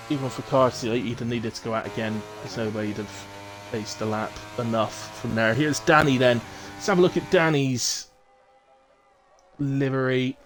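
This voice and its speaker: A man's voice: mid-range voice, a little hiss or hum. Chatty man calling a sim race. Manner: chatty, jokey asides. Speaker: race commentator. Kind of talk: live sim racing commentary.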